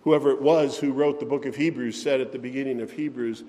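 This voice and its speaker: A man preaching a sermon as pastor, speaking slowly and deliberately and giving scripture readings extra weight. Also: medium pitch, warm tone, big-room sound.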